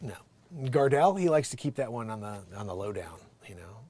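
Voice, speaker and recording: A man's voice: on the low side, sing-song, a little fast, warm tone. A man hosting a comedy news show, rambling animatedly and laughing at his own bits. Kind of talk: casual comedic commentary.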